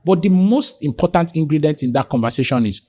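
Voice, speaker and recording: A man with a dark, animated voice talks fairly quickly on a dry recording. He's a guest on a podcast, telling stories conversationally with lots of energy and mimicking the people in them, and his quoted dialogue leaps abruptly high in pitch.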